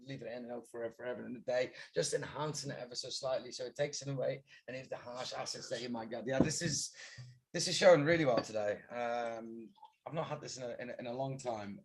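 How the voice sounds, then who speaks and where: A man's voice: mid-range voice, steady tone, fast, a crowd in the background. A man presenting wines on a live tasting stream, explaining with enthusiasm in rambling talk full of fillers. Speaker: wine presenter on a tasting livestream. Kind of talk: casual chat.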